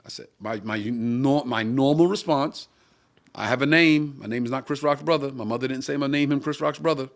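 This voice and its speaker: The middle-aged male co-host, a comedian, spins a long and profane anecdote on a live-streamed talk show, acting out the other people's voices. His medium-pitched voice is creaky, and he talks fairly quickly.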